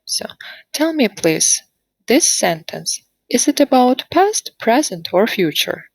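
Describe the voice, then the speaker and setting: Slow, deliberate female English teacher. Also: on the high side, very animated, vocal fry, breathy edge, no room sound. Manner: slow, deliberate modelling of sentences for repetition. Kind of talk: demo grammar lesson. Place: online class.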